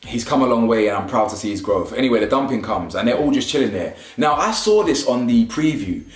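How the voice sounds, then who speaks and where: A young man, giving a slangy, animated casual review of a reality show and laughing often. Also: mid-range voice, brisk. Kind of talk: casual commentary. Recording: roomy echo, faint music.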